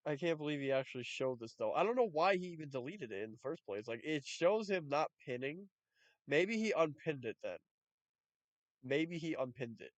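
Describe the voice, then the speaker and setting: A man's voice: on the high side, no echo. A man giving reaction commentary, talking in a profane, mocking and exasperated way. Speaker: YouTube commentator.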